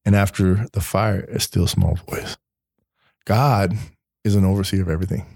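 A man telling a story in a casual faith podcast chat, animated, restarting words and laughing often. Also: low voice, normal speed, creaky, no echo, studio quality.

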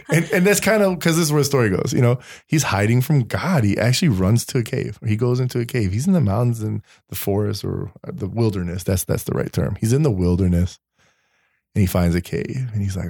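A man telling a story in a casual faith podcast chat, animated, restarting words and laughing often. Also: on the low side, brisk, creaky, breathy edge, dry recording, studio quality.

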